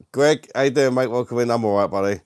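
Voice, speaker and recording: In a clear, resonant, darkish mid-range voice at a moderate pace, a British man hosts a relaxed live stream from his dining room, welcoming viewers. There's no echo and the sound is studio-clean. He laughs a lot and uses "mate" constantly.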